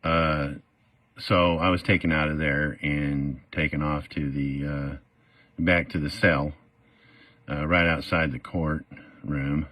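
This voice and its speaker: A man's voice: a bass voice, little pitch movement, slow pace, pushed and bright, no room sound. A middle-aged man telling his own story in a casual, rambling way, full of fillers and acted-out quotes. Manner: rambling, many "uh" fillers, acts out quoted voices.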